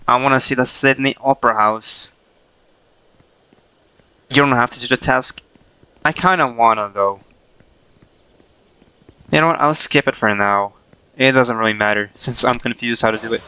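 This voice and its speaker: Man, game streamer, bright tone, crisp voice, dry close sound, playful self-talk. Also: mid-range voice, normal speed, pauses often, no room sound, low-quality recording. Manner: playful, chuckling, talks to himself. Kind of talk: casual gameplay chatter.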